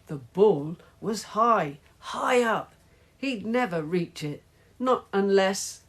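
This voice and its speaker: A woman reading a children's storybook aloud in slow, measured storytelling. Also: lowish voice. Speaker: narrator.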